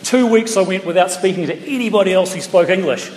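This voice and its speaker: This stand-up comedian, a middle-aged New Zealander, talks fast in a high, darkish voice, spinning stories and teasing the crowd with playful asides. His stage mic runs through the PA of a large town hall, captured from afar so the hall echoes. Laughter rises from the audience.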